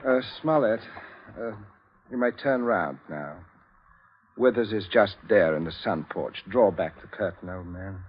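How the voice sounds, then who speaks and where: Chummy, chuckling patriarch with quiet menace; muffled old radio sound. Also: male voice, fairly low pitch, animated, a little slow, slightly rough. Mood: coolly menacing. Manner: chummy and jovial, chuckling while giving orders. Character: genial, coldly menacing middle-class father. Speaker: head of the family. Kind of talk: 1940s radio acting. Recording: muffled 1940s radio broadcast.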